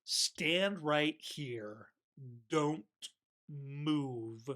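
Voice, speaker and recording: A man's voice: fairly high pitch, drawn-out words, pushed and bright, full character voice. A man voicing a bumbling male lab assistant, in a casual, offhand way close to his own voice.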